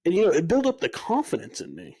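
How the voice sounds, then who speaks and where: A man's voice: fairly high pitch, huge pitch swings, fast talker, crowd noise. A young man co-hosting a casual podcast, telling stories with energy, acting out quoted dialogue and swearing freely. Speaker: podcast co-host. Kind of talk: casual chat.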